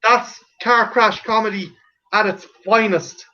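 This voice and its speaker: Bright-voiced man, swearing and laughing. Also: high voice, steady tone, measured pace. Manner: swearing, laughing, acts out comedy bits. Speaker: podcast host. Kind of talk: casual chat. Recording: dull lo-fi audio.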